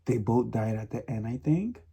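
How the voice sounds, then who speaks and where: A man's voice: medium pitch, animated, normal speed, gravelly, dark tone, breathy edge. A man chatting casually in a reading vlog, emphatic and repetitive, often laughing and sometimes dropping to a whisper. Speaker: book vlogger.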